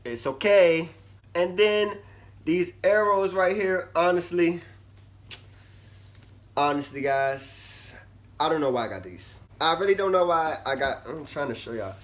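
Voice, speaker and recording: A young man talks casually to camera for a vlog, chatty and animated, his voice lurching between loud bursts and low mumbles. He speaks a little slowly and pauses often.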